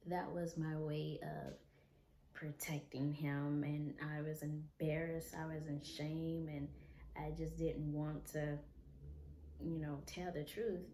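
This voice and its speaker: A young woman vlogger telling a personal story in a soft, candid, unhurried way. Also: deep voice, level tone, slight background noise. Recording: echoey room, faint ambience.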